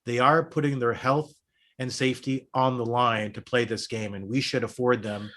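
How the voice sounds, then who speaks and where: A man's voice: mid-range voice, fairly even intonation, normal speed, fairly bright tone. A man in his thirties or forties, a co-host on a sports podcast, who talks in an earnest, persuasive way and argues his points at length. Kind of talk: casual sports chat.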